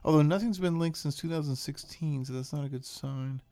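A man's voice: a little high, brisk, warm tone. A man hosting a casual wine podcast, joking and rambling as he talks. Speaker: podcast host.

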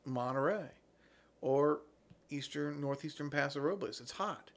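Blunt, opinionated man talking wine. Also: on the high side. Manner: opinionated, blunt, swears freely. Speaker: podcast host. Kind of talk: casual chat about wine.

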